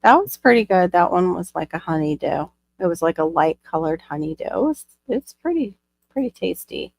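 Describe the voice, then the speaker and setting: A woman with a lowish, gravelly voice chatting away on a live stream. She is bubbly and talkative and laughs easily. Her voice sounds close and dry, with no room around it. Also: animated, normal speed, darkish tone, no room sound. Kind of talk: casual chat.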